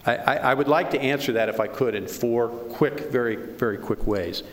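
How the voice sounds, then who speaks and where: A man's voice: medium pitch, moderate pace. A male attorney making an emphatic oral argument in court, hammering rhetorical questions and tripping over restarts. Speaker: attorney for the plaintiffs. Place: large courtroom. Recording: reverberant courtroom recording with faint noise.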